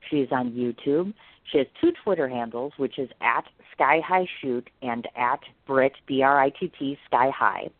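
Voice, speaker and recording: A woman's voice: very deep voice, normal speed, dry recording. A woman hosting an interview podcast, effusive and gushing in her praise. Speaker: podcast host. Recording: phone-like line, dry.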